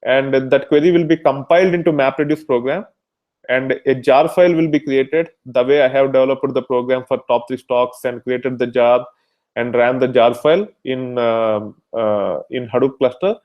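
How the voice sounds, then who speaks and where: A man giving a technical lecture at a middle pitch. He explains patiently, step by step, and fills his pauses with frequent "uh"s and restarts. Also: steady tone, muffled recording. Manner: explanatory, many fillers and restarts. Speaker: instructor.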